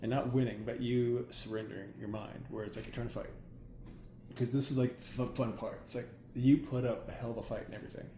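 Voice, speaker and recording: A man who works as a hypnotherapist, chatting casually and excitedly, rambling with many "like"s. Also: mid-range voice, quick pace. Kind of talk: casual chat. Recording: roomy with faint ambient noise.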